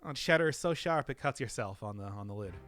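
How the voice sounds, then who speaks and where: A man's voice: mid-range voice, expressive, quick pace, fairly bright tone, faint music behind. A man from the American Midwest with a Midwestern accent, rambling and giggling through casual commentary while streaming a game. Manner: rambling, giggly, laughs often. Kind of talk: live gameplay commentary, casual chat.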